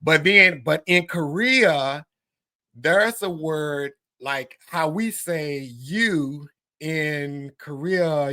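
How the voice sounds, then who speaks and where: Bright, upbeat male podcast host. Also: a little high, slow pace, dry recording. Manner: chatty, reads viewer comments aloud; upbeat, greets viewers by name. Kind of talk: live-streamed casual talk to viewers.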